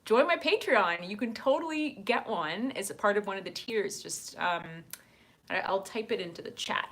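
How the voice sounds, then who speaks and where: A woman's voice: mid-range voice, lively intonation, normal speed, a bit bright. A woman hosting a casual livestream from her apartment, chatting with viewers and reading their comments aloud with lots of ums. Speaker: livestream host.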